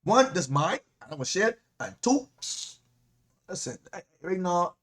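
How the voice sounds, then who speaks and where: A man with a Caribbean accent, a deacon preaching a sermon in an animated, repetitive way, often laughing as he talks. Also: high voice, normal speed.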